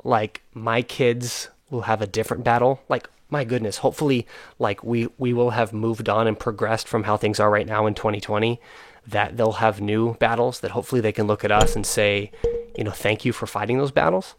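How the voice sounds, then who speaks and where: A man's voice: lowish voice, fairly even intonation, brisk. A young man hosting a casual talk, earnest and frustrated, with many fillers and restarts. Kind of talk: casual chat.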